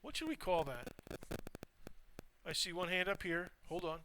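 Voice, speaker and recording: A man's voice: sits high, sing-song, moderate pace, heavy background noise. A man lecturing a physics class, walking students through a drawing step by step and quizzing them. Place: lecture hall.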